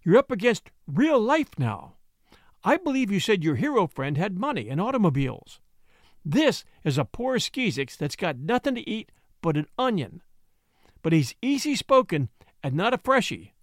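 Man voicing a sharp, bossy woman shop girl. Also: sits high, sing-song, moderate pace, no room sound, clean studio sound. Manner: blunt, slangy, bossy.

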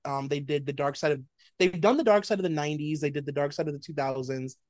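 A man's voice: on the high side, fast, no room sound, studio quality. Chatty man co-hosting a pop culture show. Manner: chatty, many "like" fillers, animated storytelling. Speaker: podcast co-host. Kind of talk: casual pop culture chat.

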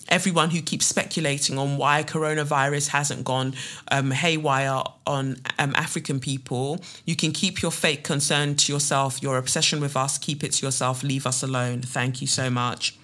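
A woman's voice: deep voice, sharp tone. A woman hosting a casual solo podcast, talking bluntly and sarcastically and swearing freely. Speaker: podcast host.

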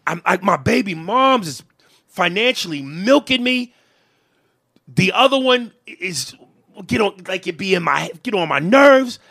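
A man's voice: sits high, expressive, unhurried, creaky, pushed and bright, no echo. A man, a comedian hosting a podcast, venting in a heated, profane way during a conversation.

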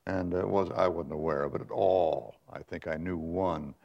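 An older man recounts his career as a newsman in a slow, measured way, pausing and restarting as he thinks. His voice sits very low and has a gravelly, creaky texture. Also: lo-fi sound. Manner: measured, with frequent pauses and restarts. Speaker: guest, veteran newsman. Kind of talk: reflective conversational storytelling.

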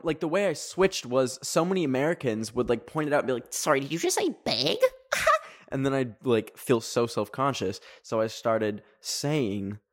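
A young man from Canada hosting a podcast, talking casually in a rambling, animated way, full of fillers. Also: mid-range voice. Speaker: podcast host.

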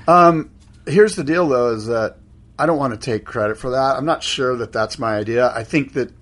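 A man's voice: medium pitch, normal speed, fairly bright tone. A middle-aged man co-hosting a casual podcast chat, playful and teasing, quizzing his partner. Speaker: podcast co-host.

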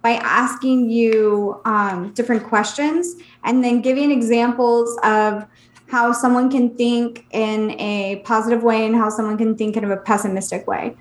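A woman co-hosting a podcast, describing self-help books in an easy, hesitant chat. Her voice is a little high and sounds roomy, with echo around it. She pauses often with "um". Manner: relaxed, hesitant, many "um"s. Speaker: podcast co-host. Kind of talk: casual chat about books.

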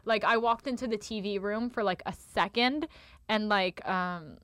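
A young woman who does stand-up tells a long story in loose, casual chat. She rambles and leans on filler words at nearly every turn. Her voice sits at an ordinary middle pitch, recorded dry and close with no room echo. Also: moderate pace, fairly bright tone. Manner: rambling, filler-heavy with constant "like". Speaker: stand-up comedian.

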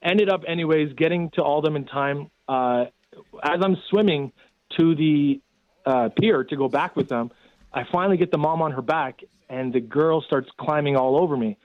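A man's voice: on the high side, moderate pace, no echo. A man in casual storytelling, rambling with many fillers as he recounts events. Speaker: guest telling a rescue story. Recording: tinny phone line.

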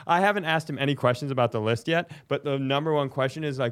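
A man in his thirties co-hosting a comedy podcast, telling stories about his family in a wry, deadpan way. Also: mid-range voice, fast, clear, resonant tone. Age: 30s. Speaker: podcast co-host. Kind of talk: casual comedic chat.

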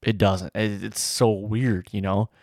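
A man recounting a bowhunt in a casual, rambling and excited way, full of fillers like "you know". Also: on the low side, a little slow, no room sound, studio quality. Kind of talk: casual storytelling to camera.

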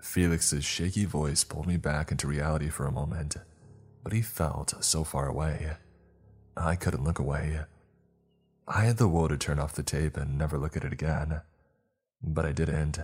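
Deep husky man narrating horror. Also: a little mellow, soft background music. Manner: tense, measured first-person storytelling.

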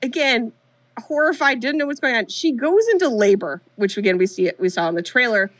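A woman's voice: fairly high pitch, dry recording. A woman co-hosting a podcast live, chattily retelling a movie's plot scene by scene. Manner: chatty, retells scenes with quick quoted voices. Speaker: podcast co-host. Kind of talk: casual movie recap. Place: live show venue.

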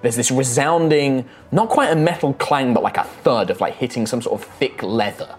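A man's voice: medium pitch, lively intonation, normal speed. A man narrating a tabletop game as game master, describing the action with many hedges. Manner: descriptive, hedging with "kind of".

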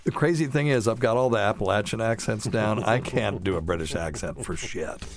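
A man's voice: fairly low pitch, brisk, slight background noise. A man hosting a casual live-stream podcast, chatting loosely and joking with chuckles. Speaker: podcast host.

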